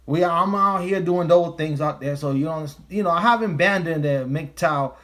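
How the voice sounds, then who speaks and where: A man's voice: on the high side, moderate pace, fairly bright tone. A man hosting a casual livestream, talking in an emphatic, profane way and repeating his phrases for stress. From United States. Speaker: livestream host.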